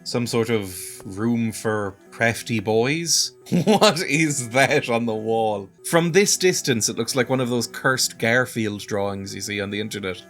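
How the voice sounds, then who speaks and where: A man talks through a video game in a dry, sardonic way, chuckling at it often. His voice sits at an ordinary middle pitch, and faint music plays behind him. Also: fairly bright tone. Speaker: let's play host. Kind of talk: game commentary.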